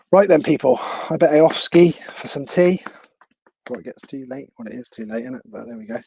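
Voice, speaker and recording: A man's voice: mid-range voice, warm tone, no room sound, lo-fi sound. A man hosting a casual live stream at home, chatty and laughing at himself. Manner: chatty, laughs often, self-deprecating. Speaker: livestream host.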